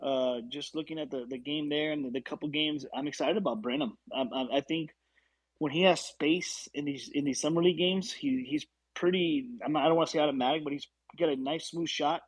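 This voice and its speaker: A man's voice: on the high side, a little fast, husky, no echo, rough recording. A man calling into a casual basketball talk show, rambling easily and stumbling over his words. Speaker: caller. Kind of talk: casual chat.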